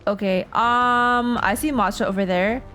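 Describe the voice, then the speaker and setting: A woman's voice: fairly high pitch, fairly even intonation, a little slow, fairly bright tone, soft background music. A tired young woman streaming, giving chatty, rambling reaction commentary on a game. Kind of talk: casual gaming reaction commentary.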